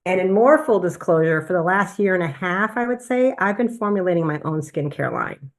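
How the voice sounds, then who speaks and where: A woman physician giving an animated personal testimonial at a business presentation. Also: fairly low pitch, fairly quick. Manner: animated storytelling, acts out quoted voices.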